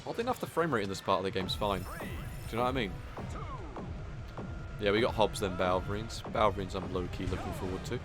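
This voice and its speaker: A man's voice: low-pitched, fast, music in the background. A man giving casual, joking commentary while speedrunning a game, teasing other players and swearing now and then. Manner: joking, mocking, swears casually, many fillers.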